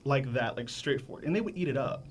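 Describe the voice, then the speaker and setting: A young man hosting a casual group chat on a radio show, laid-back and quick to laugh, acting out voices in his stories. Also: mid-range voice, expressive, a little hiss or hum. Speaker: host.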